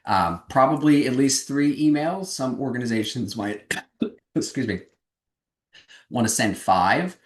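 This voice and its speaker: A man's voice: medium pitch, animated, a little slow, reverberant. A man giving a webinar presentation on fundraising, speaking energetically and emphatically over a video call.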